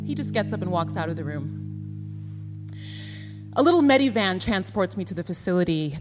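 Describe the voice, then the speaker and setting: A woman earnestly telling her own life story in the first person, her voice emotional and her pace shifting. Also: on the low side.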